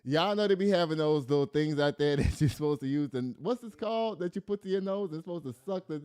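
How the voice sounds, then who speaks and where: A man's voice: a little high, quick pace, clear, resonant tone, no echo. A middle-aged man hosting casual news commentary, reading stories aloud and riffing with laughter. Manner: animated, laughing, reads stories aloud then riffs.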